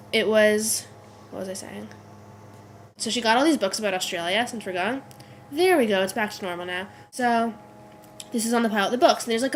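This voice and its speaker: A woman's voice: mid-range voice, a little hiss or hum. A teenage girl who is sick and congested, rambling to her webcam in her bedroom, chatty and easily sidetracked. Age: teens. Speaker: vlogger. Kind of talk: casual chat to camera.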